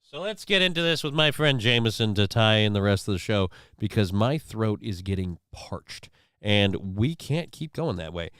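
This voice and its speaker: A man's voice: fairly low pitch, sing-song, moderate pace, a bit bright, clean tone, no echo, clean studio sound. A man hosting a casual live stream, reading viewer comments and news stories aloud with sarcastic, offhand remarks. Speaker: livestream show host.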